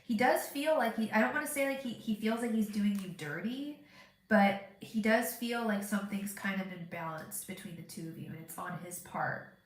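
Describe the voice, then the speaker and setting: A woman's voice: mid-range voice, normal speed, reverberant. Congested woman giving a chatty tarot reading. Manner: chatty, thinking aloud with many fillers and restarts. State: stuffed-up, congested voice. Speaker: tarot reader. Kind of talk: live-streamed tarot reading.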